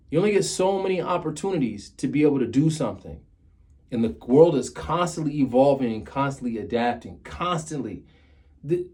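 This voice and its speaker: A man's voice: medium pitch, darkish tone. A man in his thirties giving a casual motivational talk to his viewers. He speaks earnestly and repeats key phrases to drive his point home. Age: 30s. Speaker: motivational vlogger.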